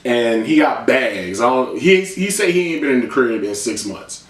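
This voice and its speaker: A TV recap vlogger recaps an episode in a loose, blunt, sarcastic, profane comedic style. His mid-range voice is expressive and moves at normal speed. The audio comes from a distant mic in a roomy space.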